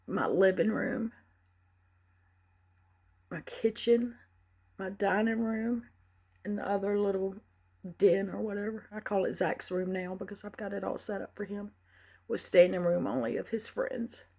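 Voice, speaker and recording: A woman's voice: mid-range voice, a little slow, creaky, pauses often, a little mellow, breathy edge. A middle-aged woman telling her personal story in an earnest, emotional, pleading manner. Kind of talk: personal storytelling and poem recitation.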